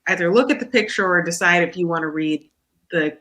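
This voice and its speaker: A woman's voice: on the low side, fairly quick, a bit bright. A woman guest who reads tarot, chatting and explaining at length. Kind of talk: casual chat.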